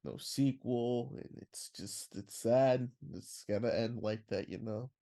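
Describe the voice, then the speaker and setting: A man's voice: medium pitch, measured pace, warm tone. A young man co-hosting a podcast, chatting casually through a movie watch-along and rambling through his theories with lots of filler words. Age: young adult. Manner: rambling, heavy use of "like", theorizing. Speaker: podcast co-host.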